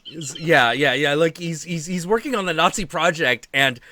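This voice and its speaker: Male streamer, animated swearing storyteller, bright voice with lively pitch, dry close sound. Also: normal speed, dry recording. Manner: animated storytelling with profanity and acted-out quotes. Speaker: stream host. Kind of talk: casual chat.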